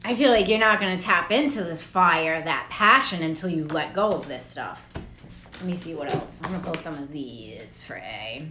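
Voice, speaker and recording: A woman's voice: sits low, expressive, normal speed, reverberant, background noise. A woman doing a casual tarot reading vlog, talking in a rambling, profane and laughing way. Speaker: tarot reader.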